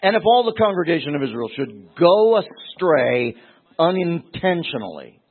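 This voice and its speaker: A man's voice: fairly high pitch, big pitch swings, moderate pace, breathy edge. A man teaching verse by verse through a Bible passage, emphatic, repeating words and acting out the voices he quotes. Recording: tinny phone-like recording.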